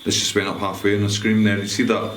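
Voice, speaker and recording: A man commenting live during a ghost investigation, excitedly reacting to meter readings. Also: on the low side, fast talker, echoey room, slight background noise, rough recording. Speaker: paranormal investigator.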